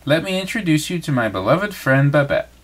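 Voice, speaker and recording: A refined lady friend who speaks fondly and politely, calling others dear, as a father reads her lines. Her voice stays gentle and well-mannered. She sounds warmly attached to her friends. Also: fairly high pitch, big pitch swings, brisk, pitched above the performer's own voice. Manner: fond and polite.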